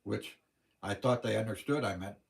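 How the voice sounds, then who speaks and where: A man's voice: fairly low pitch, normal speed, vocal fry. A man with a Western Pennsylvania accent, hosting a casual livestream and telling plain-spoken, rambling stories. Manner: folksy, plain-spoken storyteller. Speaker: livestream host.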